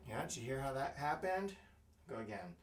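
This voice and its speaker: A man teaching double bass, thinking aloud in a halting way with fillers and scatting rhythms as he plays. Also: sing-song, soft background music. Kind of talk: music lesson, thinking aloud while playing. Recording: roomy, mic at a distance. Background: double bass playing.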